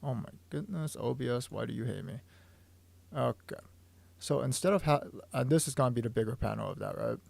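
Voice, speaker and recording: A man with a deeply gravelly, creaky voice walks through his drawing on a livestream, thinking aloud and tripping over restarts. He sounds hoarse, as if his voice is wearing thin, and the sound is close and dry with no room around it. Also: lively intonation, a little fast, darkish tone, dry recording. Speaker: manga artist.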